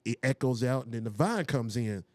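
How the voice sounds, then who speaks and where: A man's voice: brisk, no room sound. Laid-back man telling a story, dry sound. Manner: animated, acts out quotes with raised pitch. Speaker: music producer and DJ, interview guest. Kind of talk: casual storytelling in an interview.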